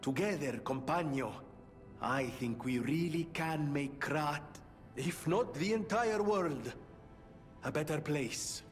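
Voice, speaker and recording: An earnest middle-aged inventor addressing his battered city in a video game, his words unhurried and grave. The voice carries a long reverb tail with faint music underneath. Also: on the high side, expressive. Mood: solemn.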